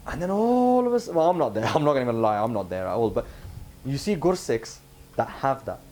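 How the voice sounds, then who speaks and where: A man's voice: mid-range voice, very animated, brisk, darkish tone, slight background noise. A man giving a conversational religious talk to a camp audience, often asking them questions. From United Kingdom. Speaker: visiting religious speaker. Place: camp hall with a live audience.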